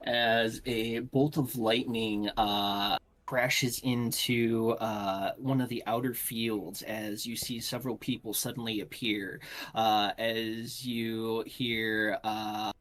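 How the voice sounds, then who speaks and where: Relaxed man narrating with many uhs. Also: medium pitch. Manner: filler-heavy, relaxed, halting with many uhs. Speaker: game master. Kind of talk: narrating a tabletop game.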